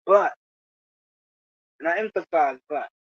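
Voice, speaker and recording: Slow, preachy vlogger lecturing rivals. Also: medium pitch, dry recording, lo-fi sound. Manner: preachy, lecturing, repeats "you know?" often. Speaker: video creator addressing rival channels. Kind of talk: moralizing monologue to camera.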